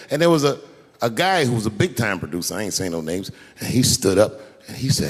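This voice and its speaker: Middle-aged male comic, profane animated storyteller, lively pitch, live-venue reverb. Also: fairly quick, husky. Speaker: stand-up comedian. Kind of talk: stand-up storytelling. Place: large venue on stage. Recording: live stage recording with long hall reverb.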